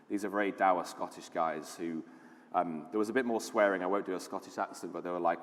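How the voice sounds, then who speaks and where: Low-voiced british guy giving a conference talk, chatty and keen, reverb from the hall. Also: steady tone, quick pace. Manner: enthusiastic storytelling, conversational with fillers. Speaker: conference speaker, lead designer.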